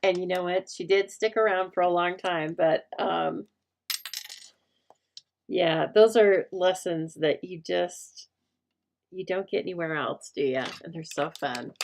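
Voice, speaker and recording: Female craft host with a low, fry-edged voice; chatty, meandering, pokes fun at herself. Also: measured pace, slight background noise. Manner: chatty and rambling, talks to viewers by name; self-deprecating. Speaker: rubber stamp crafting host. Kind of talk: casual live-stream craft chat.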